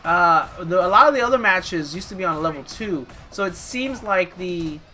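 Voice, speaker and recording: Woman game streamer, casual amused chatter, bright, lowish voice. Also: expressive, normal speed, faint music behind. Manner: chatty, amused, thinking aloud. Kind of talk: casual gameplay commentary.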